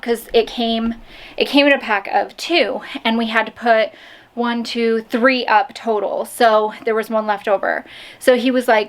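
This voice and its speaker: A woman's voice: on the high side, fairly even intonation, moderate pace. A woman chatting casually to camera at home in a daily vlog, telling stories with lots of fillers. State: out of breath. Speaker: vlogger. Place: home kitchen and bedroom.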